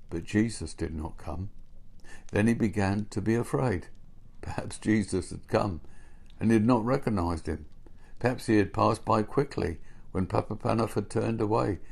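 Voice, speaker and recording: A man reads a storybook aloud in a gentle, unhurried way. His voice is fairly low and has a gravelly texture. He takes his time over every sentence. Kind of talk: storybook narration.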